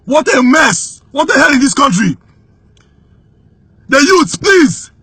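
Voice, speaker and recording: A young adult man with a Nigerian accent giving an urgent, indignant spoken testimony that rises at times to shouting. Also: extremely high pitch, sing-song, takes it slowly, no echo.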